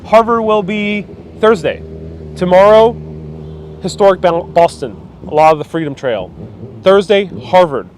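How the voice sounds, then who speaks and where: A man's voice: high-pitched, lively intonation, a little slow, a little hiss or hum. A man with a New York accent, chatting casually on a live stream and answering viewer comments, rambling with fillers and restarts. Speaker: vlogger hosting a live stream.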